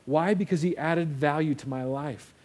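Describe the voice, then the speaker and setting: Young guy preaching, laid back storyteller, kinda higher pitched, acts out the quotes. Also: normal speed, a little mellow. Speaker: pastor. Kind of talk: sermon.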